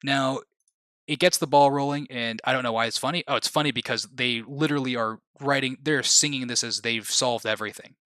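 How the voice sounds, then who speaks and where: A man's voice: medium pitch, fairly even intonation, a little fast, pushed and bright, no room sound. A man hosting a livestream, rambling casually, restarting sentences and laughing at his own remarks. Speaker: livestream host.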